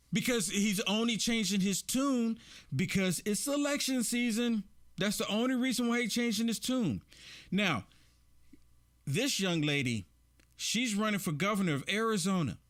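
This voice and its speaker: A man hosting casual political commentary, animated, repeating himself and laughing often. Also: high-pitched, a little slow, long pauses.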